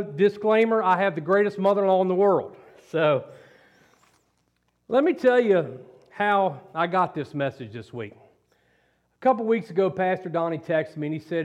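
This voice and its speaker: A man's voice: high voice, lively intonation, moderate pace. A man preaching a sermon at home, telling folksy stories and leading a prayer. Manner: folksy, conversational storyteller. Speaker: lay preacher. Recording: dull lo-fi sound.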